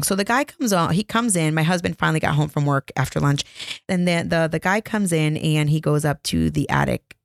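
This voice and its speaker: Woman podcast host, thirties, low gravelly voice, dry close mic, casual storyteller. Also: sing-song, fairly quick, no echo. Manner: chatty, laughing, self-deprecating. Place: home. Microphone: podcast microphone.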